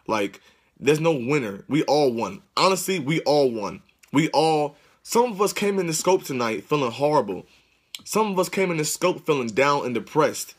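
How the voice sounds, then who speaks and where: A man's voice: on the high side, animated, moderate pace, breathy edge. A man hosting a livestream, speaking fervently to his viewers with churchlike, repetitive exhortations. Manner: religious, churchlike phrasing. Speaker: livestream host. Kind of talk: excited livestream address to viewers. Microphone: phone livestream.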